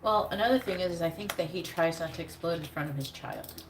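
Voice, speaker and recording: A fast-talking woman with a lowish voice gives a live tarot reading, blunt and casual, swearing freely. The room is echoey and noisy.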